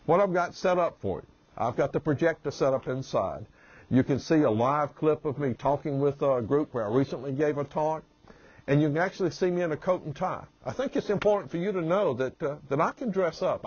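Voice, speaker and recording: Southern guy talking real slow, humorist pitching himself, kinda husky, dull lo-fi sound. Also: no room sound. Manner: slow, drawling delivery. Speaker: humorist and motivational speaker. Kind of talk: promotional self-introduction with anecdotes.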